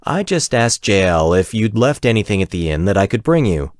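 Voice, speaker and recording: Brief: male narrator doing polite, confident wizard, gnomish accent, low and unhurried, close dry read. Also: big pitch swings, dry recording. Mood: innocent. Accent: gnomish accent of the fantasy world. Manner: formal, measured and polite. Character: courtly male wizard, smooth and self-assured.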